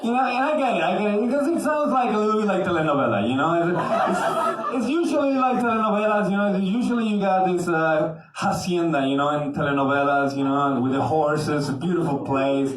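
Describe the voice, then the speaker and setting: A young man from Mexico works the room in a stand-up set, chatty and loose with lots of fillers. His voice sits high, and it comes from a distance across an echoing club, with heavy noise in the room. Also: expressive, a little fast. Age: young adult. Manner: chatty, many fillers, crowd work. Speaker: stand-up comedian, emcee. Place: comedy club on stage. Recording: echoey club from a distance, noisy. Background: audience laughter.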